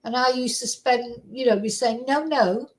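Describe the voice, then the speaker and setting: A woman's voice: fairly high pitch, level tone, moderate pace, low-quality recording. Woman, Mancunian accent, middle-aged, casual rambling chat, fillers and chuckles. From Manchester, England. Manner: rambling, chatty storyteller with frequent fillers and laughs. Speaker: vlogger.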